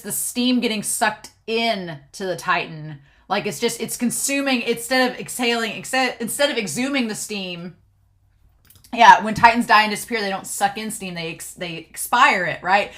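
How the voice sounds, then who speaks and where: A woman giving a casual recap and commentary on an anime episode, excitable and thinking aloud, often checking in with "right?". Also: on the high side.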